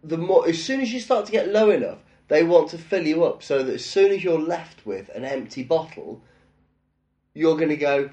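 A man's voice: fairly high pitch, animated, normal speed, a little mellow, reverberant. A man bantering in casual chat, cutting in with cheeky, crude jokes.

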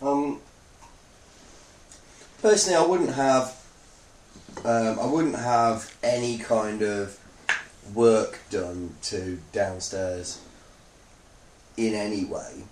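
A man's voice: lowish voice, takes it slowly, pauses often, darkish tone, distant mic, slight background noise. A man co-hosting a podcast, casual and hesitant, with a dry sense of humor. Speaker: podcast co-host. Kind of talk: casual chat. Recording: roomy sound, somewhat off-mic.

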